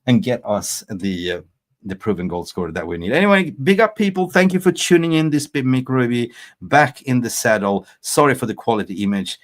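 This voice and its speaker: Guy doing a football fan livestream, rambly and animated, chatty, cracks himself up. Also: on the low side, normal speed. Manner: animated, rambling, laughs at own jokes. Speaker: football channel host. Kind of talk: casual livestream chat.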